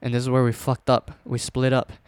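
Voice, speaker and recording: A young man casually telling a scary personal story, rambling with fillers and restarts, dropping to a hush at tense moments. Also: medium pitch, completely flat delivery, brisk, clean tone, dry recording.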